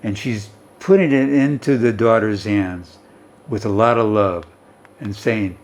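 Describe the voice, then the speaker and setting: Male teacher, mid-pitched voice, walks students through a story and keeps checking in. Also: lively intonation, moderate pace, a little mellow. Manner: explanatory, keeps checking in with "okay?". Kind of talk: explaining a story lesson.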